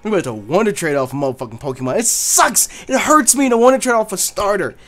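A man's voice: sits high, lively intonation, fast, a crowd in the background. A man doing rambling, profane let's play commentary while gaming. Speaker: gaming YouTuber.

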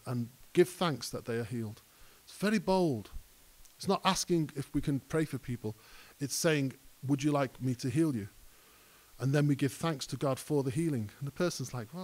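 A man's voice: mid-range voice, brisk. A male pastor preaching a conversational sermon that rises to emphatic peaks. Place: church hall.

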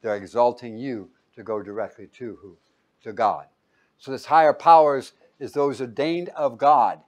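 A man preaching a Bible-teaching sermon, reading verses loudly and pausing for his listeners to call out the missing word. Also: mid-range voice. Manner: quizzing listeners with fill-in-the-blank questions; emphatic, loud when reading scripture aloud.

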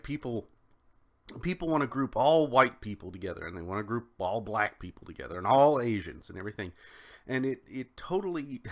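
An American man talks through a solo political commentary, his voice sitting on the low side. He rambles, restarting sentences and filling gaps with ums as he works his way through each point. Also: a bit bright. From United States. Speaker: podcast host.

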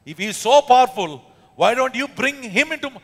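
A man's voice: very high-pitched, expressive, brisk, fairly bright tone, pitched above the performer's own voice, exaggerated voice. A man voicing an irritated, scheming king, speaking raised and indignant. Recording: echoey church hall.

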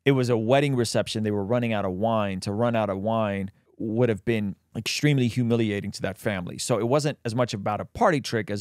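A man hosting a Christian reaction commentary, animated and quick to laugh, explaining and reading Bible passages into a close mic. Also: lowish voice, no echo. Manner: animated, bursts into laughter, reads scripture aloud.

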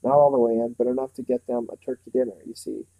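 Coaxing sinister stranger in a storybook, read by a man in a dark, close, dry voice. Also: medium pitch, level tone, fast talker, vocal fry, dry recording, poor audio. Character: sinister man offering false comfort.

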